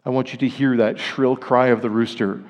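A male pastor delivering a sermon in a middle-pitched voice that sinks into hushed, grave lows before climbing to emphatic peaks. His words ring out with a long reverb, as if he is speaking in a large church sanctuary. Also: fairly even intonation, moderate pace, highs cut off.

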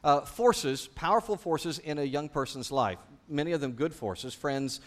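A man's voice: fairly high pitch, expressive, normal speed. A man preaching a sermon in a church, asking his congregation one question after another. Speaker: pastor.

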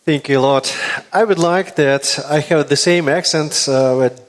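A male guest pastor with a Russian accent gives a sermon in English, his second language. He reads scripture slowly and deliberately, pausing over words. His voice sits fairly high for a man. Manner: slow and careful, halting over English words.

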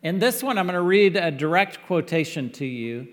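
Male pastor, fairly high voice, emphatic sermon delivery, long hall reverb. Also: expressive, moderate pace. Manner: earnest, emphatic preaching with sudden loud peaks.

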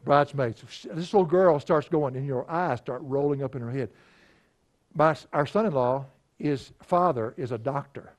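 A man's voice: medium pitch, normal speed. A middle-aged man, a pastor, telling folksy anecdotes in a conversational sermon and chuckling now and then. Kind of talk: storytelling sermon.

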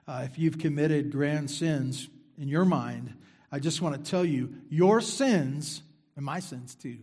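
A middle-aged man delivers a sermon with a voice pitched a little above most men. His tone stays easy and conversational, circling back to repeat key phrases and sinking into quiet asides between them. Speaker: pastor.

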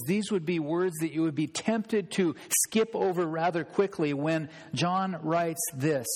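A man preaching a sermon as pastor, earnest, praying softly and then rising into bursts of shouting for emphasis. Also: a little high, big-room sound.

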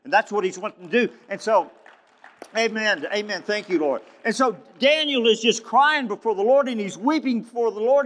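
Fervent high-voiced preacher in a reverberant hall. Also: male voice, expressive, normal speed, fairly bright tone. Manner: fervent, emphatic preaching with restarts. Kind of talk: sermon.

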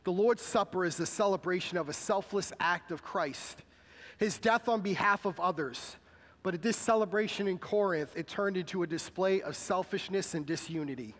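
A man's voice: high-pitched, normal speed, a bit bright, long reverb tail. A man preaching a sermon, talking conversationally and asking the congregation questions. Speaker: pastor. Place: church sanctuary.

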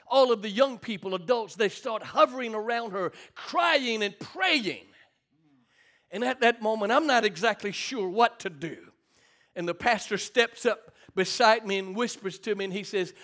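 High bright-voiced preacher man. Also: moderate pace. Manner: call-and-response preaching, storytelling. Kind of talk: sermon. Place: church sanctuary.

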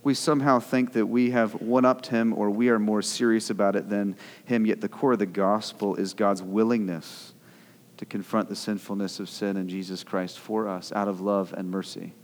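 A man's voice: lowish voice, level tone, moderate pace. A young man preaching a sermon as pastor, in a conversational way with repeated words, building to earnest intensity. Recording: long hall reverb.

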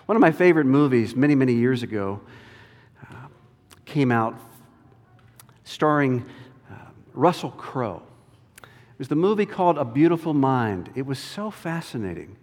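A man preaching a sermon with an emphatic, deliberate delivery. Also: mid-range voice, very animated, a little mellow. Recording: long reverb of a large hall.

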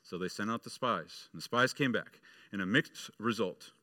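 A man's voice: on the low side, normal speed, bright, forceful tone, dry recording, clean studio sound. A male pastor preaching a sermon, telling a story and acting out its voices.

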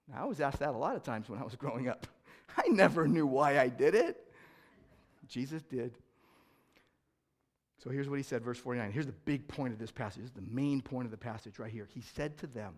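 A male pastor preaching a sermon, emphatic, swinging between loud stressed phrases and quiet asides. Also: medium pitch, very animated, normal speed.

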